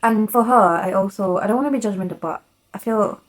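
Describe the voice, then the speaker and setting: A woman's voice: mid-range voice, brisk, poor audio. A young woman, talking casually to her viewers in a chatty, giggly, apologetic way. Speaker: vlogger. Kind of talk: casual chat to camera, reading messages aloud.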